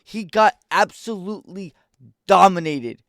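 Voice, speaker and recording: A young man giving a casual, excitable fight reaction, rambling in slang. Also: high voice, measured pace, dry recording, studio quality. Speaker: MMA reaction YouTuber.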